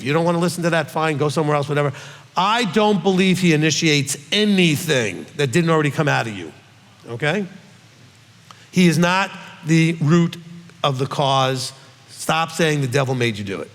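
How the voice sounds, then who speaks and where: Emphatic rabbi in a reverberant hall. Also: male voice, a little high. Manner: emphatic, ends points with "okay?". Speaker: rabbi teaching a Q&A. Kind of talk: conversational Bible teaching.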